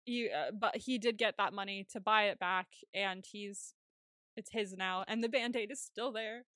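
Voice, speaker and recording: A young woman co-hosting a casual recap podcast, talking in an animated way, swearing and laughing often. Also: mid-range voice, moderate pace, no echo, studio quality. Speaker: podcast co-host.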